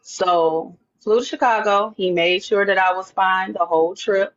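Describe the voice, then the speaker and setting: A woman telling a lively personal story in an interview, acting out her own thoughts and the other people's words. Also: medium pitch, measured pace, highs cut off. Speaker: interview guest. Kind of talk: animated storytelling.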